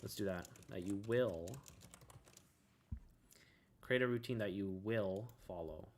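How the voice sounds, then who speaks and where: A man's voice: fairly low pitch, slow. Laid-back man rambling about success. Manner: rambling, keeps asking "right?"; laid-back, says "bro" and swears. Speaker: self-help video host. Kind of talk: casual motivational talk.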